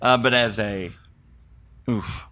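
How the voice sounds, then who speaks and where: A man's voice: lowish voice, fairly even intonation, slow pace, pushed and bright. A man hosting a podcast, chatting casually, laughing often and restarting his sentences. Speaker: podcast host. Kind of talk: casual chat.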